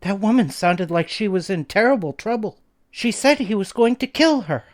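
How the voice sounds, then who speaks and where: A man's voice: high voice, lively intonation, moderate pace, pitched above the performer's own voice. A man voicing a nervous teenage girl who pleads anxiously with her friends.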